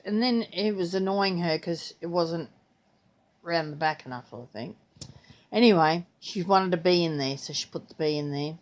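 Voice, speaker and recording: An older grandmother, chatting casually in her vlog, rambling and slipping into playful voices when she retells things. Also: on the low side. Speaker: vlogger. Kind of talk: casual chat.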